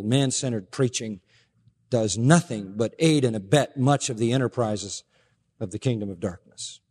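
A male pastor preaching a sermon emphatically, with rhetorical questions and low, pointed stresses. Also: a little mellow. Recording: preached in a hall with long reverb.

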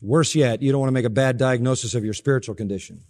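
Emphatic preacher in a reverberant hall. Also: male voice, medium pitch, fast talker. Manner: emphatic preaching with sharp rises and soft drops. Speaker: pastor. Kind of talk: sermon.

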